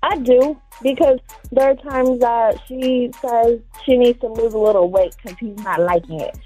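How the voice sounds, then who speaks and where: A female caller chats candidly on a radio show, giggling between answers. Her voice sits fairly high but sounds warm and mellow, with faint music behind. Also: steady tone, normal speed, low-quality recording. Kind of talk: phone-in chat.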